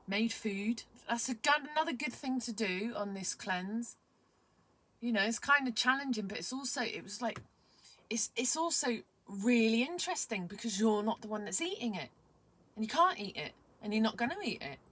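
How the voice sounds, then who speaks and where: A young adult woman vlogging casually, rambling excitedly with many fillers and sometimes dropping to a whisper. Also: on the high side, normal speed. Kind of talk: casual vlog chat.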